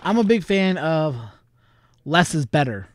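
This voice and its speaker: A man's voice: on the high side, animated, unhurried, slight background noise. Rambling, chuckling male vlog host. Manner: rambling, chuckling, thinking aloud. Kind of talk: casual chat.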